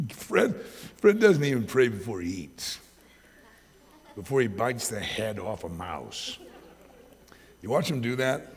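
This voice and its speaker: Gravelly pastor with a lively voice. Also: male voice, medium pitch, slow, long pauses. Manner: anecdotal, animated storytelling. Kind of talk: sermon. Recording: long reverb of a church hall.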